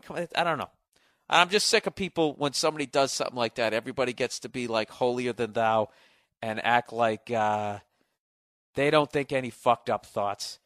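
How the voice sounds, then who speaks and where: A man's voice: medium pitch, fairly bright tone. A man hosts a solo comedic rant, cursing freely and tripping over his own sentences as he goes. His voice sits in an ordinary middle range and sounds a little sore. The sound is dry and close, with no room echo. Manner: profane, rambling, self-interrupting; mimics others in raised voices. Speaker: podcast host.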